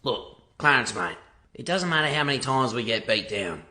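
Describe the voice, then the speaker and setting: A man playing a gruff guy giving a coarse, swearing pep talk in a played clip. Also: medium pitch, sing-song, normal speed, bright, forceful tone. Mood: pumped up.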